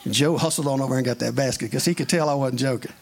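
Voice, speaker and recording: A man's voice: medium pitch, quick pace, vocal fry, slight background noise. A man preaching a sermon in an earnest, conversational way, mixing scripture with plain everyday stories.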